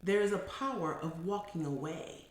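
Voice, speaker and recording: A middle-aged woman, a psychotherapist, telling a story in a casual monologue, emphatic and animated, building to forceful declarations. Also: lowish voice, normal speed, a little hiss or hum. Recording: very echoey room.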